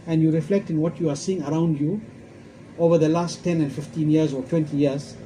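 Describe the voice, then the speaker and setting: An Islamic scholar gives an emphatic religious talk, repeating his points, quoting Arabic verses, and posing rhetorical questions. His slightly high voice is steady, brisk, and mellow, though the audio is poor with slight background noise.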